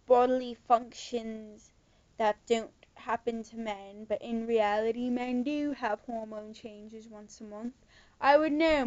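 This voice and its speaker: A young woman with a high voice puts on a British accent and rants in a sarcastic, casual vlog. She takes her time, stretching her words out slowly. She records from her bedroom, and the sound is dull and lo-fi with no room echo. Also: a little mellow. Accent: put-on British. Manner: sarcastic, ranting. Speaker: vlogger.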